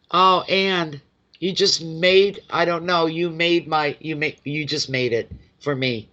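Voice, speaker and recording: Male tarot reader on a live stream, effusive and emotional, voice a bit high, sound dull and lo-fi. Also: slow pace, sharp tone. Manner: effusive and emotional, chats with viewers by name.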